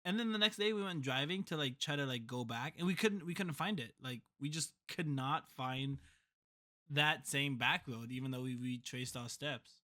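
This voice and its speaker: A man's voice: medium pitch, moderate pace, sharp tone. A man co-hosting a podcast, telling a story in casual chat, rambling and laughing often. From a reservation community. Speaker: podcast co-host.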